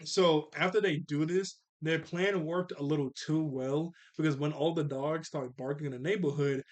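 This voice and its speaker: A man's voice: a little high, fairly even intonation, moderate pace. A young man casually recapping a cartoon episode, laid-back and slangy, with chuckling asides.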